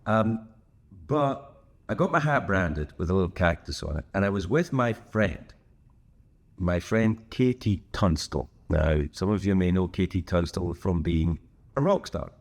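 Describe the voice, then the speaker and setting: A man's voice: sits low, lively intonation, normal speed, a little mellow. An older man with a Scottish accent, hosting a casual solo chat in a hotel room, rambling and joking with lots of asides and restarts. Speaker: host.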